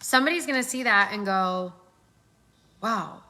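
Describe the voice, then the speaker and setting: Bright-voiced woman coaching sellers. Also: fairly high pitch, moderate pace. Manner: animated, acts out customer voices. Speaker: sales trainer. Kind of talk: casual coaching talk.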